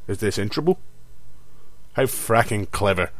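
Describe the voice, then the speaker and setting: Man voicing a mocking Scottish conscience, low and dry, needling. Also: lively intonation, unhurried, no echo. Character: snide male inner-critic voice, a nagging bully. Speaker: guest voice actor.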